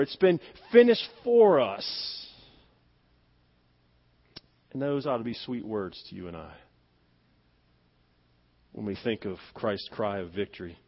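A man preaching a sermon with emphatic delivery, dropping to near-whispers and rising to stressed loud words, asking the congregation to repeat phrases after him. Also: on the high side. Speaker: pastor. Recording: dull lo-fi sound.

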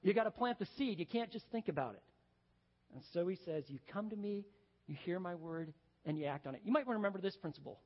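A man preaching a sermon, telling folksy stories and swinging between loud, lively bursts and hushed, slow emphasis. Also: fairly high pitch. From Texas. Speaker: pastor. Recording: dull, echoey hall recording.

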